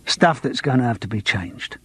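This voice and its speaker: A man voicing a stubborn comedian who speaks bluntly and flatly. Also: medium pitch, normal speed, slightly rough, full character voice. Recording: dry close studio.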